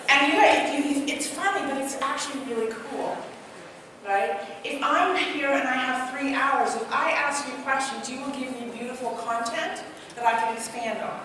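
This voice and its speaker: High-voiced woman from trinidad running a workshop, lively, lots of questions, echoey hall, mic far off. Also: measured pace, slight background noise. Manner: animated, asks the audience many questions. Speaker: speaker and trainer. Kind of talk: interactive workshop talk. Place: large hall.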